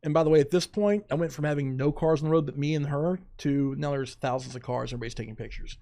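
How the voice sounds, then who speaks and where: A middle-aged man, a podcast guest, telling a story in animated, dramatic fashion with quoted asides. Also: fairly high pitch, fast. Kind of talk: casual storytelling.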